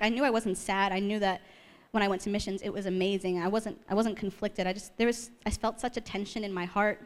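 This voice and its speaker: A young woman from the US East Coast giving a personal testimony, telling her story in a lively, joking way and acting out her own past prayers in a higher voice. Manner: self-deprecating humor with frequent laughs. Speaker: speaker sharing testimony.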